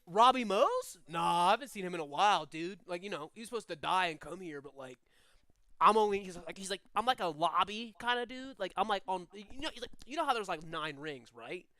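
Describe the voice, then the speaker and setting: A huge bird demon that talks like a chilled-out surfer bro, as a man puts him on in a tabletop game. The voice is bright and lively, bouncing up and down, sitting high in a dry, close room. Loose, drawling and relaxed. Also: fairly quick, slight background noise, exaggerated voice. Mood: easygoing. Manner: drawling slacker talk full of "like" and "dude". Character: laid-back surfer-dude male bird demon doorman.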